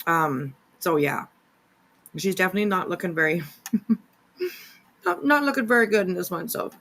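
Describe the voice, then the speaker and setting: A woman's voice: lowish voice, animated, normal speed, fairly bright tone. A woman hosting a reaction commentary channel, chatting casually with plenty of fillers and sarcastic asides.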